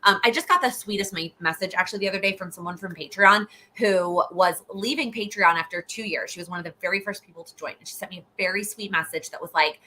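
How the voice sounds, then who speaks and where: A woman's voice: mid-range voice, fast talker, few pauses, sharp tone, slight background noise. A young adult woman coaching on goals, chatting casually and answering viewer questions live, with frequent restarts and fillers. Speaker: host, goal-setting coach. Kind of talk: live Q&A chat.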